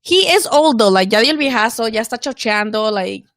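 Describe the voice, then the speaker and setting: Woman doing a boxing live stream, kinda high voice, dry sound, swears a lot, drops spanish slang. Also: lively intonation, brisk, fairly bright tone, no room sound. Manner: candid, profane, slips into Spanish slang. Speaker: boxing channel host. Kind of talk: casual live-stream commentary.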